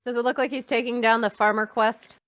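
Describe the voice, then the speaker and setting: An upbeat woman with a higher voice asks questions as she plays a tabletop game. Her voice is dry and close. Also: flat delivery, fairly quick, a bit bright, dry recording. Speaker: player.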